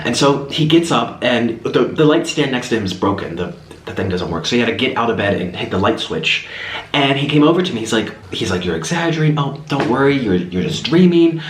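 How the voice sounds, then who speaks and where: A man tells a rambling story while eating on camera, his voice swinging high and low as he restarts his sentences. He sounds like he is in a roomy space with a noticeable echo. A faint hiss sits underneath. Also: brisk. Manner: animated, rambling, with many restarts. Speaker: mukbang vlogger.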